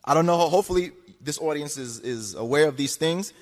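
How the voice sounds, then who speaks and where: A man's voice: a little high, animated, brisk. A man giving an argumentative lecture to an audience, insistent and repetitive, pressing his points with rhetorical questions. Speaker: speaker addressing an audience. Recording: long hall reverb.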